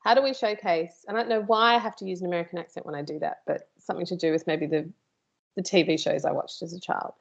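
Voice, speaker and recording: A woman's voice: on the low side, fast, creaky. Chatty woman presenter, muffled audio. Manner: chatty, with playful asides to the host. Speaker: workshop presenter and teacher. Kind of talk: live online workshop presentation.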